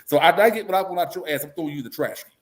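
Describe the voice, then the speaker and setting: A man giving blunt, animated opinions as an interview guest, breaking into mocking voices to make his points. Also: a little high, racing. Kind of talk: casual political commentary.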